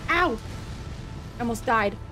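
A woman streamer talks through her game in excitable live commentary, gasping often and swearing without restraint. Her voice sits high and swings widely, and she talks at an unhurried pace. Faint game music runs underneath.

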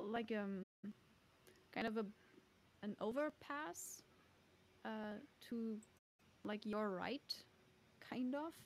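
A woman's voice: medium pitch, a little hiss or hum. A woman narrating a tabletop game as game master, hesitant and full of fillers. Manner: hesitant, filler-heavy, laughs often. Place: home streaming setup.

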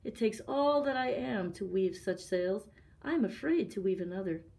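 A woman reading a storybook aloud, voicing a gentle, devoted young crane woman who speaks softly and pleads. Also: medium pitch, lively intonation, normal speed, gravelly. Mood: weary. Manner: soft, pleading.

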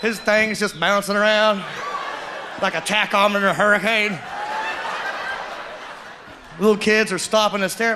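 A man performing a stand-up comedy set, telling animated stories that burst into shouting, recorded live with audience laughter. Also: high voice, a little slow, pauses often, noisy background.

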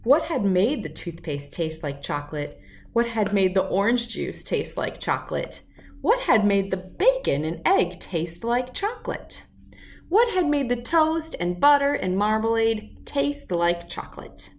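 Woman, storybook reader, reading aloud, clear, expressive, mid-pitched voice. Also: recorded from a distance, a little hiss or hum. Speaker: children's book reader. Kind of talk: reading a children's chapter book aloud.

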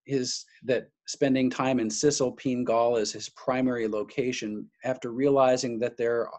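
Male history lecturer, unscripted, frequent restarts, emphatic on names, mid-pitched. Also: fairly even intonation, moderate pace, a little mellow. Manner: restarts phrases often, stressing key names.

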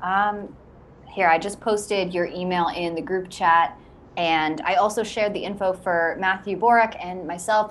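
A young woman hosting an online Q&A on a video call, friendly and quick to laugh. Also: medium pitch, slight background noise. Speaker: host.

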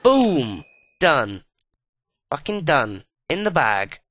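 A man's voice: on the high side, big pitch swings, extremely slow, a bit bright, no echo, clean studio sound. A man giving profane, exasperated running commentary while playing a life-simulation video game. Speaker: let's play host.

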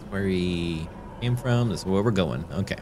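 A man's voice: low voice, normal speed, noisy background. A man streaming a video game, chatting playfully and reading the game's lines aloud. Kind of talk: let's play commentary. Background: game music.

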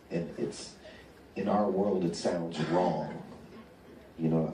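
A man's voice: low-pitched, fairly even intonation, slow pace, long pauses, mellow. A man giving a rambling motivational talk to a live audience, often repeating his words. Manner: rambling, repeats words, laughs at own stories. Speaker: speaker addressing fans on stage. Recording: echoey and distant with faint noise.

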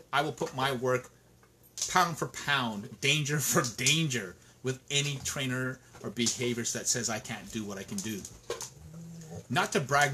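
A man's voice: mid-range voice, background noise. A man, a dog trainer, talking in an interview, frustrated and indignant, with frequent restarts and repeated words. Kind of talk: emphatic interview talk.

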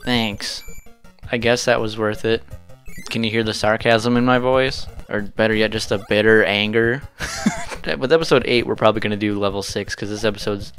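A man's voice: lowish voice, brisk, a bit bright, soft background music. A young man, hosting a retro gaming channel and swearing at the game in casual, frustrated commentary.

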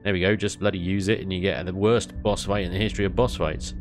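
A man giving casual, animated commentary on his gameplay, ranting and laughing with mild swearing. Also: low voice, quick pace, soft background music. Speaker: gaming YouTuber.

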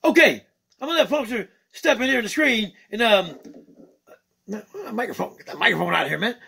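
A man voicing an excitable, boastful male bird puppet with no wings, talking in jive slang. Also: sits high, a little fast, vocal fry, breathy edge, full character voice. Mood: chatty. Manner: hyper, shouty, boastful. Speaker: puppet sidekick.

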